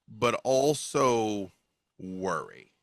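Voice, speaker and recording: A man narrates a tabletop game as its game master over a video call, his voice lively and full of swings in pitch. The sound is bright and dry, close to the mic, as he pauses now and then to look up a rule. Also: vocal fry, dry recording. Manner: explains rules, checks details aloud.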